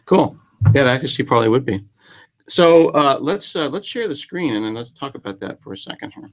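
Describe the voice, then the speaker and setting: A man's voice: medium pitch, sing-song, a little fast. Jokey rambling male host. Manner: jokey, rambling, self-deprecating. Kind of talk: casual live-stream chat.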